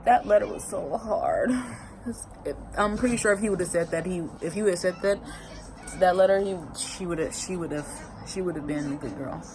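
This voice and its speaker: A woman's voice: lowish voice, a little fast, crowd noise, rough recording. A woman talking casually in a vlog recap, emotional and rambling, often repeating herself. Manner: colloquial, expressive. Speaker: vlogger recapping a TV season.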